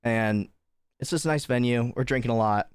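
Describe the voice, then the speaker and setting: A man's voice: mid-range voice, moderate pace, clean tone, no echo. A young man livestreaming to his chat, casually telling a long story with lots of fillers and swearing. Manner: chatty, swearing, animated retelling with many fillers. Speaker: livestream host.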